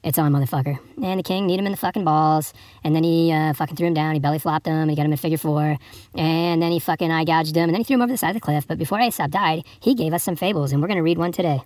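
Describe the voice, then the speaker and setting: A man's voice: fairly high pitch, steady tone, racing, a little mellow. A man hosting a podcast, telling improvised comic stories in a crude, rambling, profane way and breaking into a read fable with jokey asides. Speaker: podcast host.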